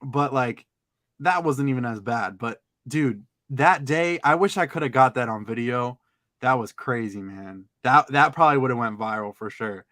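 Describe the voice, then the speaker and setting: A man telling a story in casual chat, animated, acting out other people's lines in sudden high-pitched outbursts. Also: moderate pace, no room sound. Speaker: podcast co-host.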